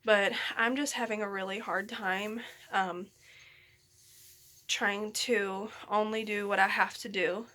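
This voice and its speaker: A woman's voice: mid-range voice, steady tone, slow, sharp tone, no room sound. Chatty, slightly breathless young woman vlogging. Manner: chatty, rambling, apologetic, with frequent ums. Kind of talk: casual pregnancy update vlog. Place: bedroom. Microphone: handheld phone camera at arm's length.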